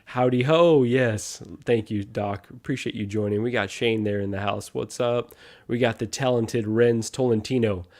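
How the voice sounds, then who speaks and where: A man's voice: fairly low pitch, little pitch movement, moderate pace, hardly any pauses, a little mellow. A man hosting a casual live stream, upbeat, greeting viewers one by one and chatting with co-hosts.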